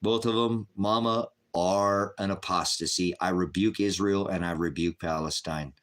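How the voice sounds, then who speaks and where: Here a livestream host in his fifties talks at a moderate pace, his voice low, steady and a bit bright. He takes on trolls in the chat combatively, with blunt retorts he repeats over and over.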